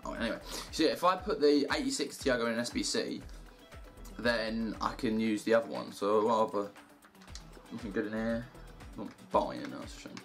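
A young man giving casual commentary over gameplay, muttering to himself and cheering loudly at good results. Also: fairly low pitch, normal speed, faint music behind. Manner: excitable, shouts and cheers at good packs. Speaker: gaming YouTuber.

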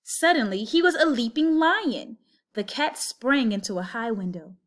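A woman reading a children's picture book aloud, with an expressive story-telling lilt. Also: on the high side, moderate pace. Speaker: storybook reader.

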